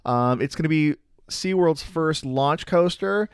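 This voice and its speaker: A man's voice: a little high, a little slow, smooth, no room sound, studio quality. A man co-hosting a casual chat show, enthusiastic and teasing, with many fillers. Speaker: podcast co-host.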